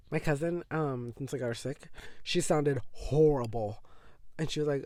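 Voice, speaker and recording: A man's voice: a little high, moderate pace, darkish tone, dry recording. A young man hosting a casual solo podcast, sick with a cough and sore throat, rambling and saying "like" all the time. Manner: rambling, says "like" constantly. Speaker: podcast host.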